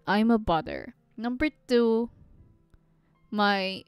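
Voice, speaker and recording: A woman's voice: on the high side, slow pace, pauses often, clean tone, no echo, soft background music. A young Filipino woman hosting a podcast, venting candidly and swearing often as she switches between Tagalog and English. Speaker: podcast host. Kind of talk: candid personal monologue.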